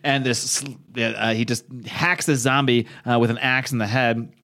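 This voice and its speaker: A man's voice: medium pitch, steady tone, normal speed, sharp tone. A man hosting a casual chat, recapping a comic book in a rambling way. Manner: rambling, chatty, many fillers. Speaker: host.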